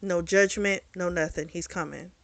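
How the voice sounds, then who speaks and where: A woman giving a casual spoken recap of a novel, animated and full of fillers, with the odd swear word. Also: fairly low pitch, moderate pace, vocal fry, no echo. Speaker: book reviewer.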